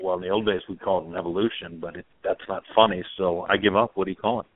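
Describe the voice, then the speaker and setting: A man's voice: deep voice, fairly even intonation, rapid-fire. A man co-hosting a motorcycle radio show, telling jokes in a loose, casual way with frequent restarts. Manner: joking, stumbling restarts. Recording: phone-like narrow band, dry.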